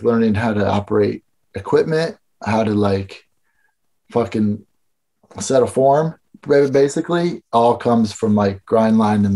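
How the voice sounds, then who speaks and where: A man's voice: lowish voice, mellow. A man from Illinois, a podcast guest and skatepark builder, telling stories in rambling, profane casual chat full of filler words. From Illinois, USA.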